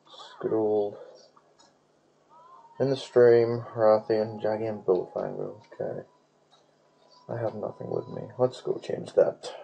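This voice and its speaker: A man's voice: on the low side, little pitch movement, slow pace, gravelly, long pauses, mellow, slightly rough, low-quality recording. A man giving casual gaming commentary while he plays, rambling, swearing freely and humming nonsense tunes. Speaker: let's play gamer.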